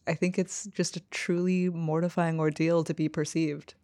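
A woman's voice: on the low side, little pitch movement, normal speed, mellow, no echo, studio quality. A woman co-hosting a casual talk show, chatting with lots of "like" fillers. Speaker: podcast co-host. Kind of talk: casual chat.

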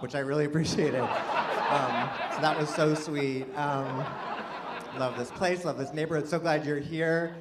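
Man, stand-up comedy, somewhat high voice, rambling, self-deprecating, audible crowd laughter and room noise. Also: steady tone, moderate pace. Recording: live room with audience laughter. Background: audience laughing.

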